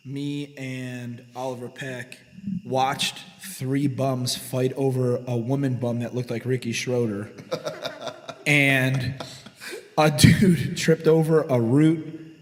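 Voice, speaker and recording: A forty-year-old man trades loud, profane tales with his friends in a garage podcast. His voice sits at an ordinary middle pitch, and it carries a long, ringing reverb. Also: fairly even intonation, slow. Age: 40s. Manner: profane, boisterous, swaggering. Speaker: podcast co-host. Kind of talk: casual storytelling chat.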